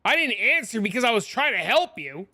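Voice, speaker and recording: Bright-voiced young man venting on stream. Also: extremely high pitch, very animated, brisk. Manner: rambling, heavy use of "like", exasperated venting. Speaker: game streamer. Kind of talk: casual live-stream chat.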